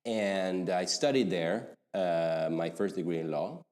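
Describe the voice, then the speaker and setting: A man's voice: low-pitched, slow, darkish tone, big-room sound. A man from Italy, a podcast guest, talking casually and hesitantly with frequent laughs. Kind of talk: casual academic conversation.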